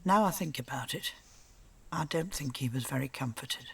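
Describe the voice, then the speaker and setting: A woman's voice: very deep voice, expressive, normal speed, creaky, breathy edge, heavily acted. An actress voicing an older grandmother in a video game, speaking reflectively and with regret about her grandson. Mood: regretful.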